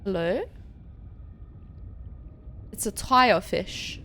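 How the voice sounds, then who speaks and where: A woman's voice: medium pitch, moderate pace, creaky, a little hiss or hum. A young woman streaming a scary game, jumpy and chatty, talking to the creatures she meets. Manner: jumpy, talks to game creatures, screams when startled. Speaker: gaming streamer. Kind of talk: casual let's-play commentary.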